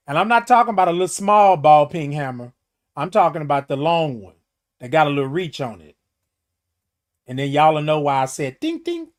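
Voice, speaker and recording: A man hosting a casual livestream, reading viewer comments and talking to them directly in a folksy, animated way. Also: on the high side. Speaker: livestream host.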